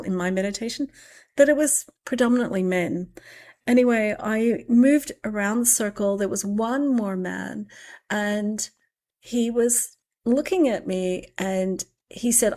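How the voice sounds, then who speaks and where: A woman talks through a spiritual meditation in a reflective conversation. Her voice sits at a middling pitch with a gravelly, fried edge. She speaks slowly and musingly, with long pauses between thoughts. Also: darkish tone. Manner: slow, musing storytelling with drawn-out pauses.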